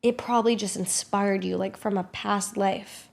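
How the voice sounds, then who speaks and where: A young woman streamer telling a story in a casual vlog, quick and animated, full of fillers and swearing, acting out what others said. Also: medium pitch, vocal fry. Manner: animated, swearing, filler-heavy, acts out quotes.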